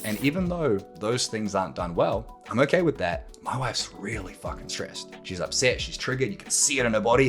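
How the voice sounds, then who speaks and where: A man's voice: lowish voice, fairly bright tone. A man hosting a podcast, talking straight to the listener in a blunt manner, swearing freely and acting out arguments. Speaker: podcast host. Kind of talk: monologue to camera.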